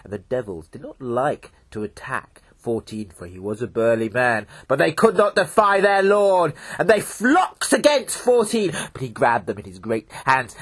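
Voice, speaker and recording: Husky, animated male storyteller. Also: on the high side. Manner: animated, dramatic. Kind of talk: folk tale storytelling.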